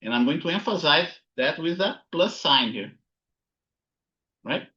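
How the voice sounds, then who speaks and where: A man's voice: on the high side, expressive, a little slow, sharp tone, highs cut off. A man teaching a physics lesson over slides, thinking aloud and often checking with "okay?" and "right?". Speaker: physics instructor. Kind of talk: recorded lecture with slides.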